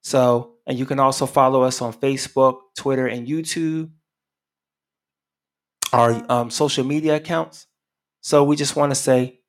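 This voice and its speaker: A man's voice: mid-range voice, measured pace, long pauses. A man preaching on a radio broadcast, closing his sermon and leading a long spoken prayer in a repetitive cadence with many fillers.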